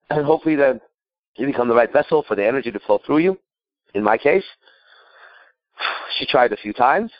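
A man's voice: medium pitch, dry recording, highs cut off. A man working as a dating coach, answering a caller's question with emphatic, profane storytelling.

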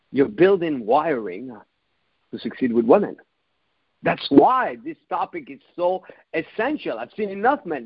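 A man coaching other men on dating, telling a story with lively, animated delivery, frequent restarts and occasional laughs. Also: high voice, no echo, lo-fi sound. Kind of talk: motivational monologue.

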